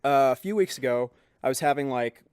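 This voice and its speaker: A man's voice: medium pitch, a little fast, a little mellow, clear, resonant tone, no room sound, studio quality. A man co-hosting a podcast, telling a story casually and acting out the people he quotes. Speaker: podcast co-host. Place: podcast studio.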